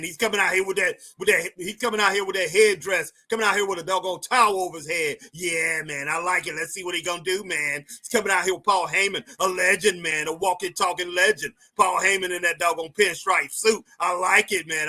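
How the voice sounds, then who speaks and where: His high voice sounds pushed and bright as he hosts a relaxed live stream about wrestling. Chatty and loose, he keeps repeating phrases while responding to viewers.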